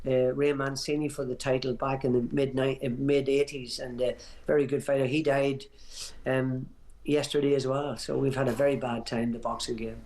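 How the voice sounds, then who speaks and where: A man's voice: medium pitch, level tone, moderate pace, darkish tone. A man in his sixties, a boxing pundit on a radio talk show, reminiscing emphatically and restarting his phrases often. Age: 60s.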